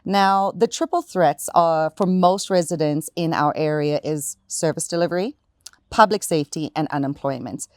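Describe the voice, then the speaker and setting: A woman's voice: low voice, moderate pace, a little mellow, dry recording, studio quality. A woman from South Africa with an American-sounding accent, hosting a casual interview and chatting easily with her guest. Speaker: podcast host.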